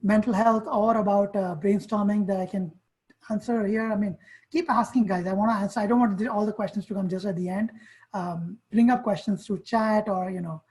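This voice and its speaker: A woman's voice: mid-range voice, fairly even intonation, brisk, a little mellow, poor audio. A woman coaching students on college essays in an online workshop, speaking directly and firing off questions and commands.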